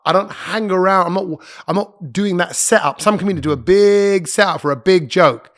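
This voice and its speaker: Middle-aged male broadcaster, quick and lively delivery, a bit higher-pitched than most men; casual podcast talk. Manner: fast-talking, animated, breaks into put-on voices. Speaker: broadcaster and comedy host.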